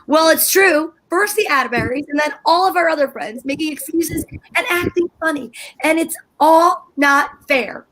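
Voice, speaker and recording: A woman's voice: sits high, normal speed, a bit bright, rough recording. A woman playing a melodramatic, fretful wife in an old-time radio play. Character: fretful wife Liz, dramatic and self-pitying. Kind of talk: 1940s radio acting.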